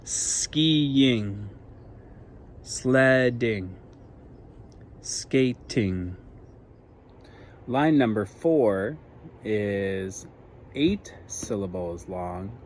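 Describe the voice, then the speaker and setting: Speaking to young children in a recorded lesson, this man has a lowish, mellow voice with a little hiss or hum in the audio. He teaches patiently, full of ums and uhs, with some self-deprecating humor.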